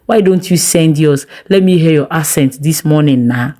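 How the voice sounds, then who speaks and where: A woman voicing a lonely married woman who talks softly and playfully. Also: low voice, normal speed, lightly acted. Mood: teasing. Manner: soft, playful.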